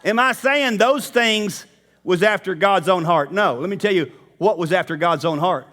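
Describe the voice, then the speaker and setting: In this church sermon, the preacher addresses the congregation straight on in a conversational way. He speaks at normal speed in a high-pitched, sharp-toned voice.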